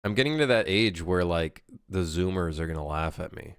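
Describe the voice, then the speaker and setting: A man's voice: low voice, very animated, fairly quick, few pauses, clean tone, no echo, clean studio sound. A man in his late twenties, a game developer chatting casually on a livestream as he works, reading chat aloud and rambling with plenty of swearing. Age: late 20s.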